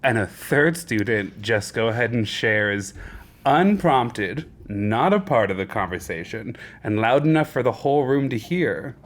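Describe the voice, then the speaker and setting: A man's voice: mid-range voice, unhurried, slight background noise. A man co-hosting a podcast, telling funny stories from his teaching job with lots of laughter and acted-out voices. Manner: animated, laughing, acts out voices in anecdotes. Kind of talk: casual chat, storytelling.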